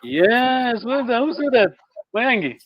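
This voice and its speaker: A man teaching a language class online, encouraging students and repeating words slowly so they can copy them. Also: very high voice, animated, no echo, dull audio.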